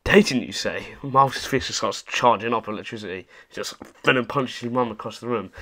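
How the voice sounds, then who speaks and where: A young man riffs over his gameplay in a mocking, foul-mouthed running commentary. His voice sits at an ordinary middle pitch, and he talks casually straight to his viewers. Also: fairly quick, few pauses, bright, forceful tone. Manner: sarcastic, sweary running commentary. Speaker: gaming YouTuber.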